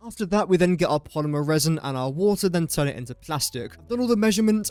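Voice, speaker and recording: A man's voice: a little high, dry recording. A young man from England with an English accent, giving chatty, self-deprecating gameplay commentary as he builds. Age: young adult. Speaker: gaming YouTuber.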